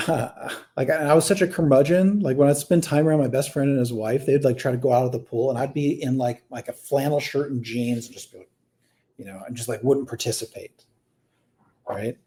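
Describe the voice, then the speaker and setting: A man in his thirties telling a personal story in casual conversation, rambling with many fillers and restarts, swinging between quiet and animated. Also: mid-range voice, moderate pace.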